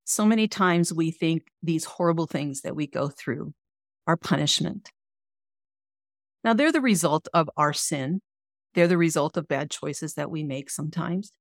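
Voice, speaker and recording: A woman's voice: deep voice, measured pace, no echo, clean studio sound. A middle-aged woman sharing an earnest, emotional personal faith testimony as an interview guest. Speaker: guest, author and coach.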